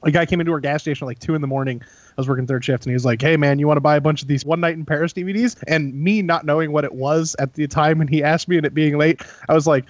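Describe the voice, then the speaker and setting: A laid-back man chatting on a podcast with dry humor, his voice a touch high. The sound is very dry and dull, with no room at all. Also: steady tone, very fast, no echo. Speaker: podcast co-host. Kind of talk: casual chat.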